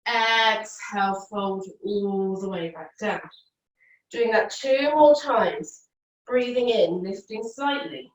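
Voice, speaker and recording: A woman's voice: mid-range voice, takes it slowly. A woman yoga teacher guiding a class, cueing each movement to the breath and offering easier and harder options. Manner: calm cueing that follows the breath, with counts and options. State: out of breath at times. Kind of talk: guided yoga class instruction. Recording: echoey room, mic at a distance.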